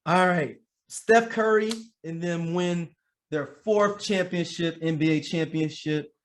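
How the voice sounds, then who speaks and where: High-voiced joking man co-hosting a podcast. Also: slow, slight background noise. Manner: laid-back, joking, lots of fillers and repeats. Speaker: podcast co-host. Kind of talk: casual chat.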